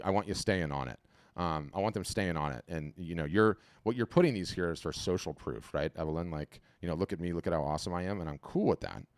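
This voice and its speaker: A low-voiced man hosts a live webinar over a video call from home, his mic close and dry. He talks in an animated, chatty flow, often repeating himself and restarting sentences as he gives his feedback on the fly. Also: no room sound. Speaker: webinar host auditing artist profiles. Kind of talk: casual live webinar commentary.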